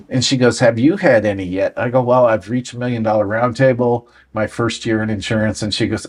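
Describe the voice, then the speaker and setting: A man's voice: medium pitch, fairly even intonation, a little fast, few pauses. A man in his sixties, a guest on an interview show, tells stories from his career and acts out the dialogue. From United States. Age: 60s. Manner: anecdotal, acts out quoted dialogue. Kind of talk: storytelling interview.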